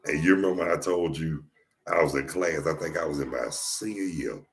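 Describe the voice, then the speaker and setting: A man with a deep voice and a Southern US accent, hosting a casual podcast chat and telling jokey stories, often restarting his phrases. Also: fairly quick, vocal fry. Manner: joking storyteller, repeats and restarts phrases. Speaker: podcast host.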